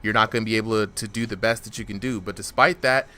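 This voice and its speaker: A man hosting a casual stream interview, talking in an energetic, slangy way. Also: on the low side, fast. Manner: energetic, slangy, says "bro" a lot. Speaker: host.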